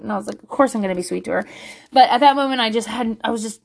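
A woman's voice: a little high, quick pace, vocal fry. A woman in her thirties telling a story in a casual way, blunt and profane, acting out what people said. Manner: blunt, profane, animated storytelling with acted-out quotes.

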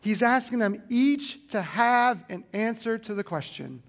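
A man with a high voice preaching a sermon. He speaks earnestly and repeats his key lines to drive them home. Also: lively intonation, measured pace, fairly bright tone. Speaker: pastor.

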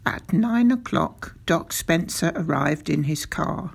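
An audiobook narrator reading a children's novel aloud in first person, in an unhurried, even storytelling manner. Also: mid-range voice, gravelly, husky.

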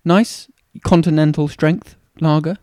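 A British man co-hosting a podcast, telling stories in a casual, animated way with frequent laughs. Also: fairly high pitch, unhurried, dry recording, clean studio sound. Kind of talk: casual chat.

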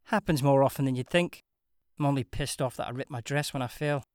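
A woman's voice: rumbling low, a little fast, darkish tone, no room sound, clean studio sound. A narrator voicing Sophia, a young Glaswegian stripper woman with a musical brogue, blunt and teasing, in an audiobook. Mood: frank, teasing. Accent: Glaswegian Scottish.

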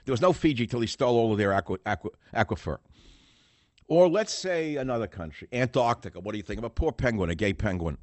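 A man's voice: mid-range voice, expressive, fast, a little mellow, no room sound. A man hosting a political talk radio show, rambling and sarcastic, riffing through rhetorical questions.

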